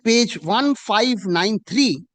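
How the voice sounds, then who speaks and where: A man, arguing a case before a judge in a courtroom, deferential and emphatic, slowing down to read judgments aloud. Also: sits high, lively intonation, fairly bright tone. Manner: deferential, addressing the bench as "my lord" again and again; slow and emphatic when reading out judgments. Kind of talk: formal courtroom argument.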